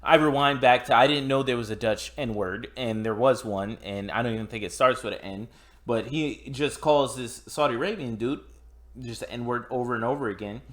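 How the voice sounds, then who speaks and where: A man co-hosting a podcast tells a film's story in relaxed chat. His delivery is animated and full of swearing. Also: mid-range voice, moderate pace. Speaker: podcast co-host. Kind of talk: casual chat recapping a film.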